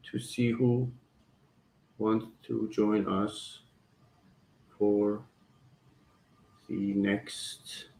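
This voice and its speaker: A man's voice: fairly low pitch, gravelly, reverberant, rough recording. A man hosting a casual talk show, encouraging his guests and stammering at times. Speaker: host. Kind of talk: casual chat.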